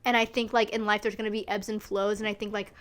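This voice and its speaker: A woman's voice: medium pitch, little pitch movement, fast, fairly bright tone. A young woman in her twenties hosting a solo podcast, talking in a rambling, emphatic way with lots of fillers and swearing. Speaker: podcast host. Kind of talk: casual solo chat. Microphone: seen recording on camera.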